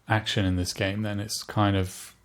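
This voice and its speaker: A man's voice: fairly low pitch, flat delivery, normal speed. A man co-hosting a podcast, chatting casually about retro games with playful, joking asides. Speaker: podcast co-host.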